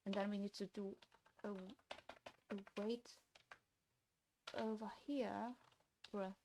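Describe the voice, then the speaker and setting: A woman's voice: medium pitch, steady tone, takes it slowly, noisy background. A young woman streaming her game development, talking to herself while she codes, swinging from frustrated to gleeful. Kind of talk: casual livestream commentary while coding.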